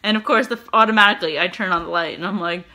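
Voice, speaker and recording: A Canadian woman vlogs casually to the camera from inside her home, rambling along with plenty of fillers and giggles. Her voice sits lowish, and she talks in a rapid-fire, pushed, bright way.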